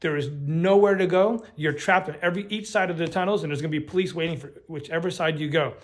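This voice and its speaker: A man voicing a stubborn male bus driver who flatly refuses to move, in a firm, flat way. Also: fairly high pitch, fast talker, natural voice. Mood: defiant.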